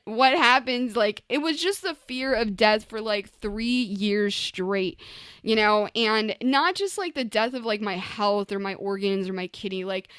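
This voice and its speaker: A woman's voice: medium pitch, a bit bright, clear, resonant tone, dry recording. A young woman, a recording artist, tells her story in an interview with emotion, often saying "like" and "you know" and acting out her past words.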